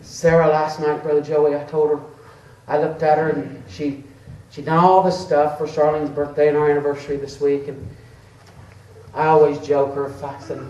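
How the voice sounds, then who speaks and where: A man's voice: fairly high pitch, level tone, normal speed, warm tone, muffled recording. A man preaching a fervent sermon, calling on listeners by name and rising into a chanted, sing-song delivery. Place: church sanctuary. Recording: echoey church room.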